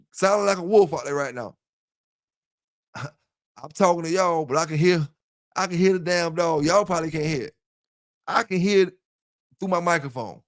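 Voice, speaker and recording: A man's voice: on the high side, fairly bright tone, no echo, studio quality. A man hosting a casual livestream on a headset mic, rambling loosely and talking straight to his listeners. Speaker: dog kennel channel host. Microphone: headset with earphones.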